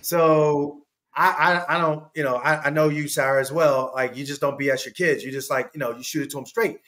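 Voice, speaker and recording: A man telling a story as a podcast guest, animated and laughing, jumping in pitch to act out quotes. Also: fairly quick. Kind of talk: casual storytelling.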